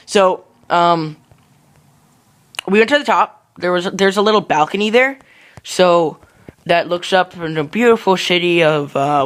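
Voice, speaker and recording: Gravelly rambling young guy. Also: a little high, a bit bright. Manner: rambling, jokey, self-correcting. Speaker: gaming channel host. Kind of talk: casual storytelling during a game.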